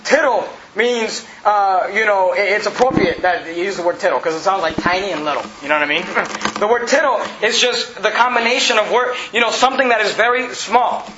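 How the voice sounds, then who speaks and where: A male pastor preaching an emphatic sermon to a congregation, repeating his points and rising to shouts. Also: high voice, a little fast, few pauses, noisy background. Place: church hall. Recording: roomy, slightly dull, congregation audible. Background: congregation responding.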